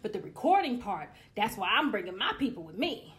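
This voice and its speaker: A woman's voice: medium pitch, sing-song, a little fast, a bit bright. A woman in her forties talking straight to her viewers in a casual monologue, blunt and profane, ranting with comic exasperation. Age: 40s. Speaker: vlogger.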